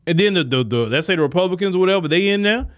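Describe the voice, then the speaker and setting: Emphatic preachy man, lively pitch. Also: rapid-fire. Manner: preachy and emphatic, acts out imagined dialogues. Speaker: podcast host. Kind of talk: political commentary monologue.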